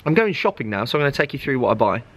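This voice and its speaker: A man's voice: medium pitch, sing-song, racing. A man, a fitness vlogger, chatting casually and jokingly to his handheld phone camera, bantering with himself in a car park and supermarket. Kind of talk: casual vlog chat. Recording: noisy outdoor traffic ambience.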